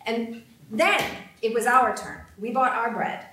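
A woman's voice: a little high, measured pace, background noise, close to an everyday voice. An actress playing a young woman who tells her family's story, mimicking the neighbors with amused emphasis, recorded from afar in a roomy theater. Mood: lively. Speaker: actor in a staged play reading. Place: theater stage. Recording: roomy hall sound, mic far off.

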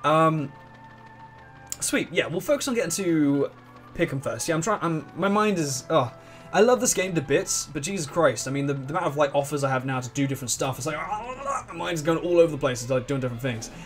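A fairly high-voiced man hosts a let's play, talking through the game in a loose, rambling way. He is excitable, trips over his own sentences and hums little tunes as he goes. Faint game music plays under his voice. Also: fairly quick. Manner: rambling and excitable, restarts often, hums along. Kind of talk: casual gameplay commentary.

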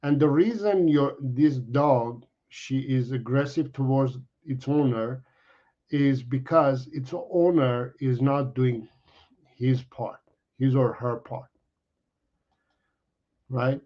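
A man's voice: medium pitch, slow pace. A middle-aged man, a dog trainer, explaining to viewers in an earnest way, repeating himself and restarting his sentences. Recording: dull lo-fi audio.

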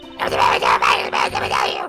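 A man voicing a shrill, nosy old woman witness in a video game play-through, shouting in a gravelly voice. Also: steady tone, very fast, faint music behind, exaggerated voice. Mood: indignant. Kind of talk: let's play voice acting.

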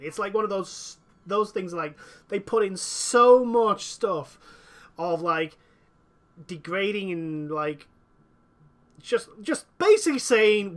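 A man's voice: high voice, a bit bright. A man playing a strategy game who rambles and corrects himself, with lots of fillers. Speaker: gaming commentator. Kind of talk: strategy game let's play.

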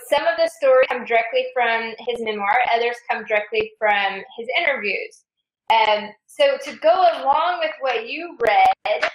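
A woman's voice: fairly high pitch, roomy sound, poor audio. A woman author being interviewed remotely, explaining her work at length in an earnest way.

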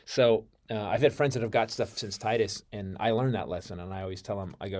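A middle-aged male comedian telling a story as a podcast guest, profane, swinging between loud outbursts and low mutters. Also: steady tone, a little fast, hardly any pauses. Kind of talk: animated storytelling.

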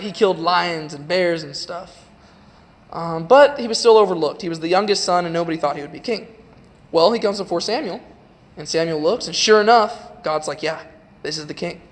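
A young man giving a casual, chatty youth sermon in a church, retelling a story with lots of "like". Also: high voice. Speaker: youth preacher. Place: church sanctuary. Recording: long hall reverb.

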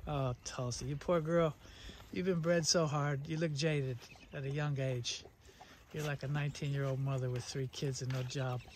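A man breeding dogs, chatting casually as he films himself, loudly calling his dogs in an outdoor kennel yard. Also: mid-range voice, steady tone, moderate pace. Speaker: dog breeder. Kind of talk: casual vlog narration. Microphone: handheld camera filming alone. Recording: noisy outdoor camera audio.

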